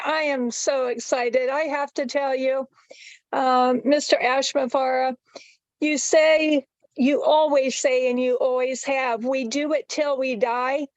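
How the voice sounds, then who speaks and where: A woman's voice: high voice, no echo, dull audio. A woman giving an emotional, heartfelt testimonial as a participant on a video-call webinar.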